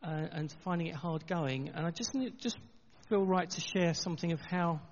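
A middle-aged man, preaching a sermon in an earnest, conversational way with halting restarts, recorded in a church. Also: fairly high pitch, slight background noise. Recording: dull, long reverb in a church hall.

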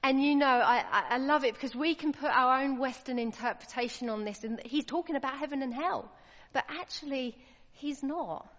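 A woman's voice: high-pitched, normal speed, fairly bright tone. A woman preaching a sermon, earnest and emphatic, her voice rising when she stresses a point. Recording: lo-fi with long hall reverb.

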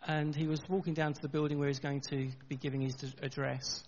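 Man, middle-aged, pastor giving a sermon; gravelly, earnest, chatty with restarts, reverberant church, dull lo-fi sound. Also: on the high side, flat delivery, a little mellow, a little hiss or hum. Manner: earnest, conversational with halting restarts. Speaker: preacher.

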